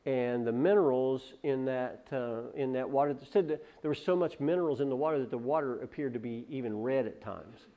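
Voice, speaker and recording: A man preaching a sermon as pastor, firing off loud rhetorical questions and then dropping to quiet asides, often repeating and restarting words. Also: medium pitch, fairly quick, hardly any pauses, narrow, tinny audio.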